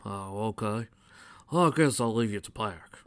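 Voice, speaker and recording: A man voicing a big, kind, shy stallion with a slow country drawl. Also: on the low side, animated, fairly bright tone, dry recording.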